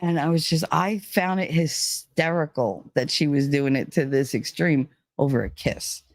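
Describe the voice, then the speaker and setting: A woman's voice: low-pitched, normal speed, no echo. A woman telling a personal story in a casual, rambling way, full of "like" and "you know.". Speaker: vlogger.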